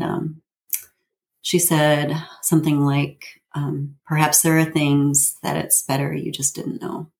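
A woman in her fifties with a notably low voice tells a personal story. She speaks haltingly, with plenty of fillers and nervous little laughs. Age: 50s. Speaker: guest telling her family story.

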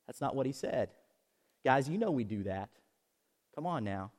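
A man preaching a sermon, swinging from loud emphatic peaks to soft low asides and leading the congregation in call-and-response. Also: sing-song, normal speed. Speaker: pastor. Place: outdoors.

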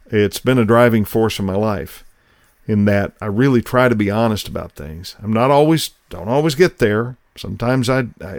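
A man's voice: lowish voice, vocal fry, dry recording, studio quality. A middle-aged man hosting a podcast, telling a personal story in a folksy, conversational way. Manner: folksy, conversational, acts out quoted voices. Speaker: podcast host.

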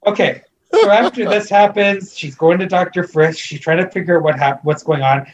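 A man's voice: high-pitched, normal speed, slight background noise, poor audio. A man recapping a movie in casual chat, rambling with lots of fillers and restarts, amused and disbelieving. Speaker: podcast co-host recapping a movie.

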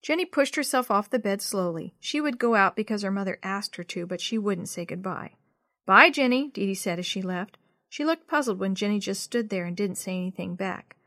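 Expressive woman storyteller reading to children. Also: medium pitch, brisk, no room sound, clean studio sound. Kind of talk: read-aloud storytelling for children.

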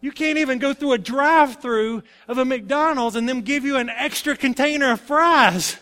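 A man's voice: extremely high pitch, moderate pace, bright, forceful tone. A male pastor preaching a sermon, emphatic and personal in turns. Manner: emphatic, then confessional and subdued.

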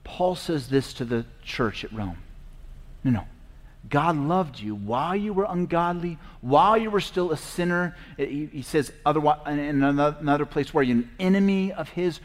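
Earnest male pastor in a reverberant space. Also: on the high side. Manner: earnest, emphatic, slows down on key phrases. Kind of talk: teaching talk on faith. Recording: long reverb.

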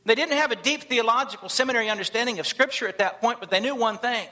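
A man preaching a sermon to a church congregation, telling stories and acting out the people in them with animated delivery. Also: very high voice, quick pace. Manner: animated, acts out quoted voices. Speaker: missionary pastor. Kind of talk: sermon storytelling. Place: church service.

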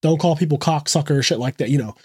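Podcast co-host, male, higher register, lively storyteller, dry booth sound. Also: breathy edge, no echo. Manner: animated retelling, quick asides, frequent swearing. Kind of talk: casual chat.

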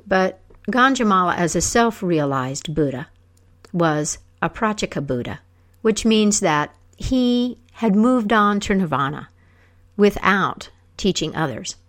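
A woman telling a folk tale aloud, acting out the characters with lively voices. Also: mid-range voice, unhurried. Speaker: storyteller. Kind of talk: oral storytelling.

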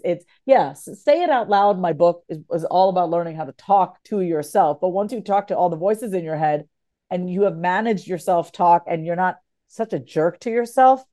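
A woman guest author talking in a podcast conversation, animated and emphatic, repeating phrases for emphasis. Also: fairly low pitch.

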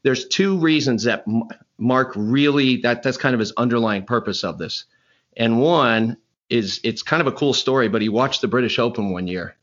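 A middle-aged man who teaches golf chats on a podcast, telling rambling stories with frequent restarts and acted-out quotes. He speaks at a moderate pace in a medium-pitched, fairly bright voice, with the highs cut off.

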